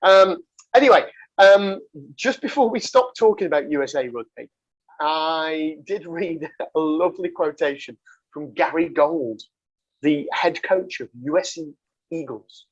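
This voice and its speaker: A man's voice: fairly high pitch, a little slow, highs cut off. Laughing, rambling male podcast host. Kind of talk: casual rugby podcast banter.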